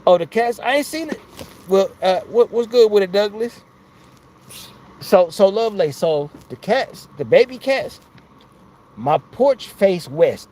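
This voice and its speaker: A man's voice: sits high, lively intonation, a little slow, long pauses, mellow, slight background noise. A man hosting a casual live stream from outside his home, talking into a phone in a rambling, slangy way and laughing often. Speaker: livestream host.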